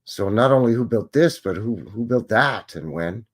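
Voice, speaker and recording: A man's voice: fairly low pitch, lively intonation, moderate pace. A man hosting a live stream, musing and chatting as he thinks aloud over old photographs.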